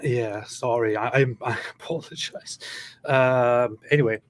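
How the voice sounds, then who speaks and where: A man's voice: mid-range voice, steady tone, measured pace. Heated, scornful man commenting. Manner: heated, scornful, rising into indignant outbursts. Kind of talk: casual commentary.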